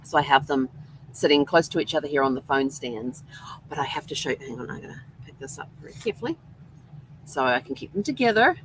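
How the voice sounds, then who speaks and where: A woman hosting her own show, telling a personal story in a casual, earnest and reflective way, with soft laughs now and then. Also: deep voice, expressive, quick pace, slight background noise, poor audio. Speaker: host. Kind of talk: casual solo livestream talk.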